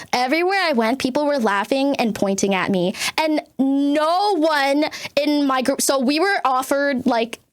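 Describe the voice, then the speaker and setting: A woman streamer telling a rambling story to her chat, swearing freely, full of filler words, and jumping in pitch for emphasis. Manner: animated, jumps between pitches for emphasis.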